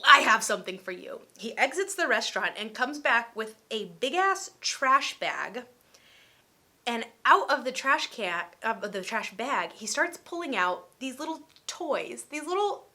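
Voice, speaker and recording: A young woman in her twenties telling a storytime vlog in a chatty, animated way, with lots of "like". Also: fairly high pitch, measured pace. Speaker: vlogger.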